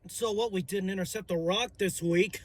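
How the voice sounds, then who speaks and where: A young man ranting about football, excitable and profane, shouting and stumbling over his words. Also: high voice, fairly quick. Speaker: sports fan vlogger. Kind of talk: ranting fan commentary.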